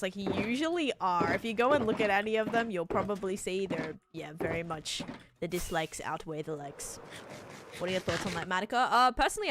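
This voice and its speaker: A woman livestreamer chatting casually with viewers while she plays, talking loosely with lots of "like" and breaking into quick excited thanks. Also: mid-range voice, noisy background. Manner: chatty, heavy use of "like", bursts of excited thanks. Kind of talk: casual chat while playing, answering viewers.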